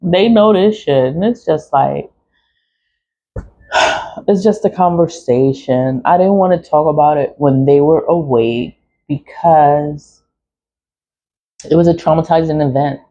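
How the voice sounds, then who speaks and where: A woman's voice: deep voice, warm tone, husky. A woman around forty, telling her story in a blunt, profane, laughing casual monologue. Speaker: vlogger. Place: home in the city early morning. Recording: dull lo-fi recording.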